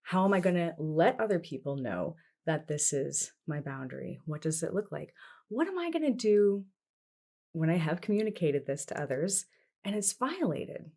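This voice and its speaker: A woman from Canada, a therapist guest on a podcast, explaining things calmly with strings of questions. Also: deep voice, normal speed. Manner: explains steps with strings of questions, calm and instructive. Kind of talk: podcast conversation.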